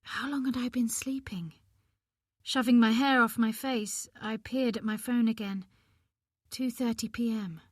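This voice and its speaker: Higher-voiced woman reading an audiobook. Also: no room sound, clean studio sound. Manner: expressive, measured first-person reading. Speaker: audiobook narrator. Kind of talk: scripted audiobook narration.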